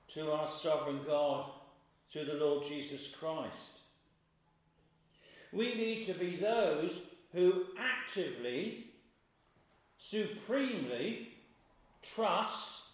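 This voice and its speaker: Slow, measured man preaching in echo. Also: a little high. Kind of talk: sermon. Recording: very echoey room, voice from far off.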